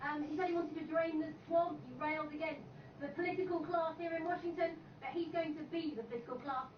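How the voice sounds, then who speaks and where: A woman reporting on location for a TV news broadcast, interviewing people in a brisk, upbeat way. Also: sits high, fairly even intonation, recorded from a distance, a little hiss or hum. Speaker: field reporter. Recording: TV audio played in an echoey room, heard from afar, dull.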